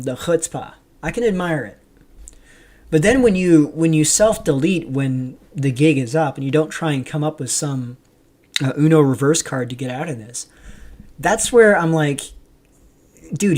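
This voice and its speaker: This livestream host from Canada has a somewhat high, animated, slightly mellow voice and a moderate pace. He rambles through casual commentary full of ums, reading out viewers' chat and replying.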